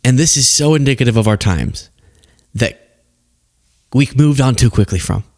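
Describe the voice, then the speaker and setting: A man hosting a show of casual political commentary, talking in a sarcastic, emphatic way with quick asides. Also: medium pitch, expressive, darkish tone.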